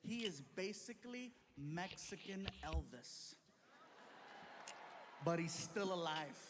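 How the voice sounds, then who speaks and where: A male comedian telling a long story on stage, acting out every character, on a recording with clear background noise. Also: high voice, takes it slowly, in a large hall. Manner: animated, acts out every character. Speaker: stand-up comedian. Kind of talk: stand-up storytelling.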